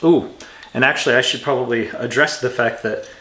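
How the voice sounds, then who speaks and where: A man gives a casual grammar lesson from his home, talking in a relaxed, chatty way and often correcting himself. His voice sits at an ordinary middle pitch. The room has a noticeable echo. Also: fairly quick. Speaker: English teacher.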